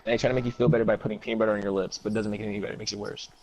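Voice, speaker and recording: A man's voice: on the low side, little pitch movement, rapid-fire, darkish tone, low-quality recording. A man telling a long comic story in casual chat, rambling and profane, acting out what others said.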